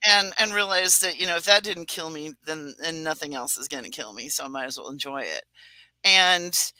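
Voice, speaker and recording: A man from the Pacific Northwest chatting on a podcast, his voice very bright and sharp-edged. He rambles, backtracks and laughs at himself, recorded close and dry with no room sound. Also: a little high, moderate pace, dry recording, rough recording. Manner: rambling, self-mocking, laughs often. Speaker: podcast co-host. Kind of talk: casual chat.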